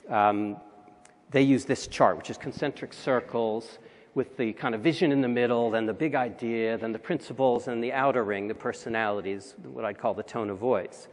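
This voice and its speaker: Conversational man speaking in a reverberant hall. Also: medium pitch. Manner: conversational, wry asides. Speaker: conference speaker. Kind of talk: conference talk. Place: large conference hall.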